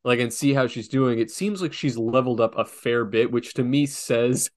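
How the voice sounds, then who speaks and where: A man chatting casually on a podcast, relaxed, laughing often and swearing freely. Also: medium pitch, normal speed. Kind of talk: casual chat.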